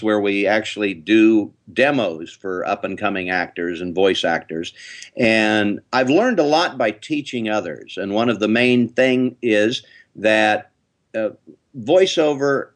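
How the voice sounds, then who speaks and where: An older man guest tells stories from a long voice-acting career. His pitch moves lively up and down, and he slips into character voices. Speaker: voice actor guest. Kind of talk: interview anecdotes.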